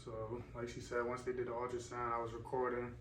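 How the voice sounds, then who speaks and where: Flat-voiced young man, echoey room. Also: a little fast. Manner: flat, low-key, understated. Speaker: partner. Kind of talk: casual chat. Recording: echoey room, distant mic, faint noise.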